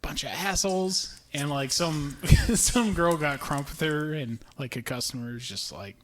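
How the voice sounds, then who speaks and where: A man's voice: fairly high pitch, measured pace, a little hiss or hum. A young man co-hosting a podcast, telling a story in casual chat, swearing freely and acting out the people in it. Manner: animated storyteller, acts out quoted people, swears freely, laughs often. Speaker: podcast co-host.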